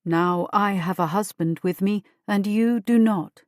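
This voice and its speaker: A woman reading an audiobook voices a pregnant older queen with a deep voice and a cold, cutting, regal manner. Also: unhurried, a little mellow, no room sound, clean studio sound, lightly acted. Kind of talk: audiobook character voice.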